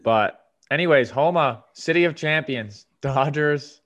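A man co-hosting a casual sports podcast, easygoing and given to drawn-out retelling. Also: a little high, lively intonation, fairly bright tone, highs cut off. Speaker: podcast co-host. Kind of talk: casual chat.

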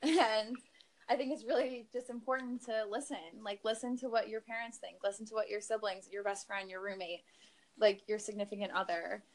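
A young woman talks casually on a podcast at a middle pitch, her story full of fillers and quick laughs. She comes across as relaxed and conversational. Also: rough recording. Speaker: podcast guest. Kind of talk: casual chat.

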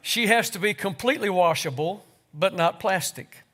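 A man's voice: high-pitched, normal speed, a bit bright, voice pushed up. A man voicing the Lord, a patient male creator proud of his work, as part of a read-aloud story in a sermon. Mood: proud, fond.

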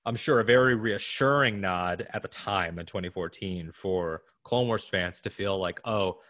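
A man co-hosting a podcast in casual chat, speaking with enthusiasm in quick bursts. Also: sits low, a bit bright, dry recording, studio quality. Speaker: podcast co-host.

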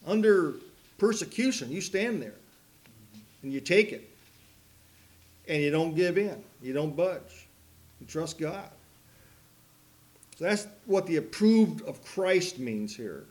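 A man preaching a sermon, mixing folksy rambling stories with slow, emphatic preaching. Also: fairly high pitch. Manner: folksy, rambling storytelling with asides and laughs. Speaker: pastor.

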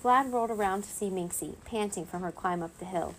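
A woman reading a children's chapter book aloud as a bedtime story, in a lively, expressive way. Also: medium pitch, brisk, slight background noise.

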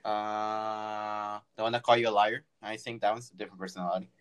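A young man in a casual podcast chat, chiming in with jokes and quick remarks. He chuckles often as he adds to the conversation. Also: lowish voice, level tone. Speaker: podcast co-host.

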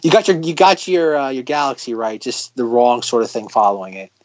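A man's voice: mid-range voice, a little fast, darkish tone. A man co-hosting a podcast, chatting casually and joking, rambling with many restarts. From United States. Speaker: podcast co-host. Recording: dull lo-fi audio.

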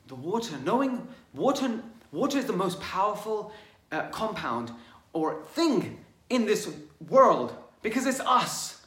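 A man's voice: a little high, fairly bright tone. A man giving an earnest motivational talk, often restarting and repeating his phrases. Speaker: motivational speaker. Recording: echoey room.

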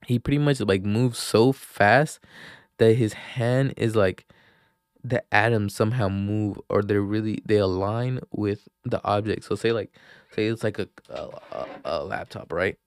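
A man's voice: fairly low pitch, unhurried, smooth, dry recording. A young man hosting a podcast, telling a story in a rambling, profane way full of filler words. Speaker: podcast host. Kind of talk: casual chat. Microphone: handheld microphone.

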